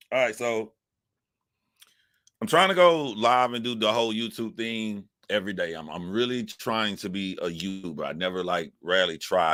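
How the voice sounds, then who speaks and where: A man with a very low, bright and forceful voice chats on a livestream from his phone at home. He rambles, restarts his sentences and talks straight to viewers. The sound is dry and close. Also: no room sound. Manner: rambling, self-correcting, chatty. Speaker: YouTube livestream host. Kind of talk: casual livestream monologue.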